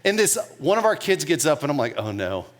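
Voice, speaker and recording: Guy in his 30s preaching, high voice, jokey self-mocking stories, laughs a lot. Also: fast talker. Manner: casual, self-mocking storytelling; animated, with laughs. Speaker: pastor. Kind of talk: sermon.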